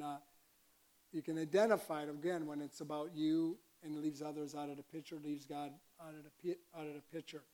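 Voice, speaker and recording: Guy preaching a sermon, kinda high voice, talks to the room casually then gets loud. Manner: conversational preaching with sudden loud emphasis. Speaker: pastor.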